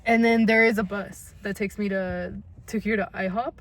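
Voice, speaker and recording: A woman's voice: mid-range voice, normal speed. Young woman telling a swear-filled story. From California. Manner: animated, reenacts her own past lines. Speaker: podcast co-host. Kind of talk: casual storytelling chat.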